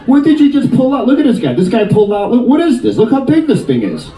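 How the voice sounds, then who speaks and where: A man in his fifties doing stand-up comedy and crowd work, teasing the audience in an animated, jokey way. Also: very high voice, fast, roomy sound, recorded from a distance, rough recording. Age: 50s. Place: cruise ship theater.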